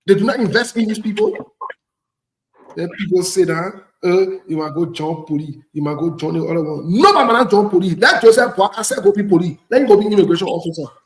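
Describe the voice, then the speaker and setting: A man's voice: sits high, expressive, fairly quick, echoey room. A man from Liberia with a Liberian English accent, hosting a casual talk show and speaking bluntly, repeating phrases to press his point. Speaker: host.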